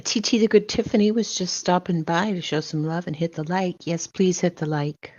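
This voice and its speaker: A woman's voice: on the low side, steady tone, normal speed, darkish tone, no room sound. An older woman hosting a livestream, greeting viewers one by one and calling them sweetheart and baby. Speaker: livestream host. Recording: dull lo-fi sound.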